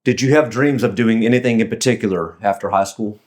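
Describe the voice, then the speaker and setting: Low-pitched male interviewer, laughing often. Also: brisk, a little mellow. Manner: laughs often, short reactions. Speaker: host interviewer. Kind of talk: casual interview chat.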